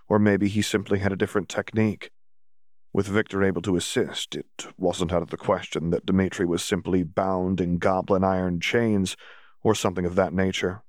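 A man's voice: low-pitched, no room sound, clean studio sound. A man narrating a fan fiction audiobook, reading the story and shifting his voice a little for each character.

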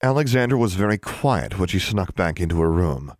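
A man narrating an audiobook with a deep, low voice. His delivery is expressive and the pitch rises and falls freely. The sound is dry and close to the mic. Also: brisk, no room sound. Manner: expressive storytelling.

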